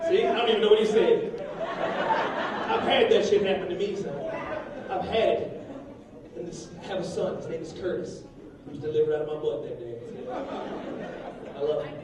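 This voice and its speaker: High-voiced crude stand-up comedian. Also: male voice, moderate pace, pauses often, recorded from a distance. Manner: crude, rambling, swings between loud bursts and low mutters. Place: comedy club stage. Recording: echoey club room heard from afar, crowd noise. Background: audience laughter.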